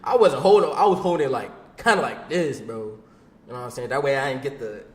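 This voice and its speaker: A man's voice: fairly quick, roomy sound. Laid-back young man telling a slangy story. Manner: slangy and laid-back, peppers talk with "bro" and "boom"; laughs while telling it. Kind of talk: casual storytime vlog.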